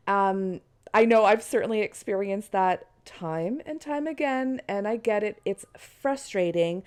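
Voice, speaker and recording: A woman's voice: on the high side, a little mellow. Chatty woman with a stuffy nasal voice. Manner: chatty and encouraging. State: nasal from a cold. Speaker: podcast host. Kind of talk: casual solo podcast talk. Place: in bed at home.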